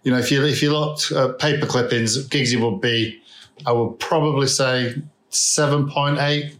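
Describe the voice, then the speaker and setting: A man's voice: mid-range voice, steady tone, moderate pace, a bit bright. Man, podcast co-host, enthusiastic football talk, restarts and repeats, echoey room. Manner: enthusiastic, repetitive, trailing restarts. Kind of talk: casual football chat. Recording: roomy echo.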